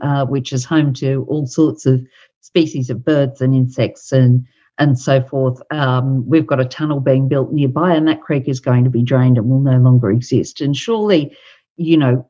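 A woman and author talking casually on a podcast, thoughtful and hesitant with many pauses and fillers. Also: rumbling low, mellow, highs cut off. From Australia. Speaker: author and guest.

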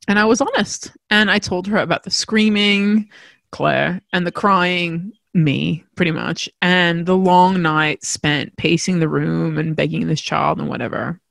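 Woman telling a story about herself, low-ish voice, frank and self-mocking, swears a bit, dry close sound. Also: a little slow, vocal fry, fairly bright tone, no echo. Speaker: storyteller, mother. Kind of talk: candid personal storytelling.

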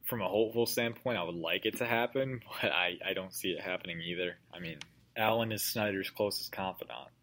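A man's voice: deep voice, a little fast, pushed and bright. A man hosting a casual sports podcast, rambling with many restarts and "like"s as he poses questions to his co-host.

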